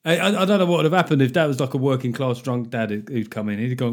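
A man's voice: medium pitch, very fast. A British man hosting a podcast, talking casually and sardonically, with a chatty flow and free swearing. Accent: British English. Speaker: podcast host. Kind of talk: casual comedic monologue.

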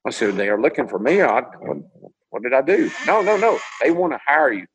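An older man, a former racing driver, spins long stories on a video call. His pitch leaps and dips as he acts out each voice in the tale, lively and expressive. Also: a little fast, dull audio, slight background noise. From Tennessee. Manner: animated storyteller, acts out dialogue. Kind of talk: storytelling interview over video call.

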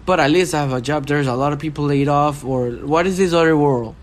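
A man's voice: on the high side, fairly quick. A young man in a casual chat, rambling and searching for words as he talks.

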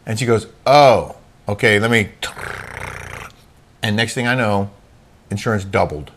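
A middle-aged man co-hosting a casual chat show, telling stories with an animated delivery and frequent laughs. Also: on the low side, unhurried, a little hiss or hum. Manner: animated storytelling, laughs often. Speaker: co-host.

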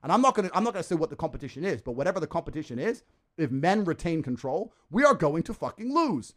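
A man talking as a podcast guest, ranting forcefully and with lots of profanity. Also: on the high side, sing-song, fast. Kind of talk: casual podcast conversation.

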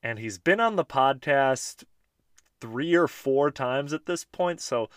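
A man in his thirties hosts a podcast in a casual, joking way. His voice sits at an ordinary pitch and sounds dry and close to the mic. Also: animated, slow pace, no room sound. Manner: laid-back, chatty, joking. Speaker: podcast host. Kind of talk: casual podcast talk reading listener voice memos.

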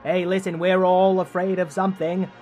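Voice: mid-range voice, flat delivery, moderate pace, a little mellow, faint music behind, natural voice. A performer voicing a confident, boastful male cat who wears a gas mask, sounding slightly muffled. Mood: nervous.

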